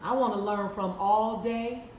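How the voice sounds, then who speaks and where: A woman's voice: mid-range voice, fairly even intonation, measured pace, crowd noise. Emphatic woman preaching to a room. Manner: emphatic, preacherly, repeats lines for effect. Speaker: motivational speaker. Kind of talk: live motivational talk to an audience. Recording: echoey room, mic at a distance.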